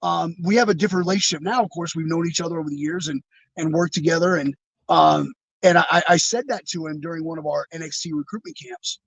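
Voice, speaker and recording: Speaking quickly in a gravelly, slightly high voice, a former wrestler rambles through reflective anecdotes in a video-call interview, with lots of fillers and false starts. There's no echo, but the audio is rough.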